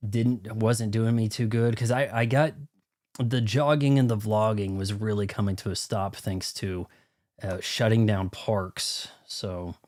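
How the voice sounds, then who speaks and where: A man's voice: fairly low pitch, darkish tone. A young man streaming a video game live, chatting casually with viewers in a rambling, self-mocking way. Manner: rambling, self-deprecating, talks to chat.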